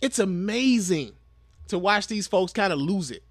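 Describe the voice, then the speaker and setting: A man's voice: high-pitched, lively intonation, unhurried, no room sound, studio quality. A man giving casual, blunt, profane commentary on a clip he plays.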